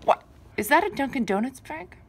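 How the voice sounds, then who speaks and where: A middle-aged comedian hosts a comic vlog from her bedroom, ranting to camera in exasperation with gasps and exclamations. Her medium-pitched voice is expressive, pushed and bright, and she talks a little slowly.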